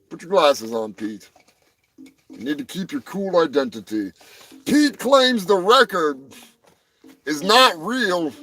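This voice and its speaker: A man's voice: high-pitched, sharp tone, poor audio. A man hosting a rambling comedic livestream, crude and joking, often trailing off into mumbles. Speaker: livestream host. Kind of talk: rambling comedic live chat.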